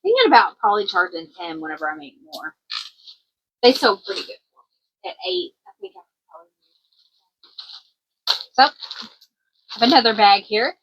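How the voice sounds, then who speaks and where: A woman's voice: mid-range voice, big pitch swings, normal speed, long pauses, a bit bright, husky, lo-fi sound. A woman from Kentucky with a country twang, chatting casually in a craft vlog as a small business owner, rambling a little with plenty of ums. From Kentucky, USA. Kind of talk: casual show-and-tell vlog.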